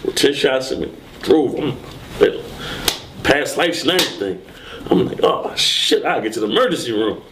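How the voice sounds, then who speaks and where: A man being interviewed, telling a story casually and acting out what people said with sudden high, loud bursts. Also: moderate pace, background noise. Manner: animated, acts out quotes and shouts in sudden high bursts.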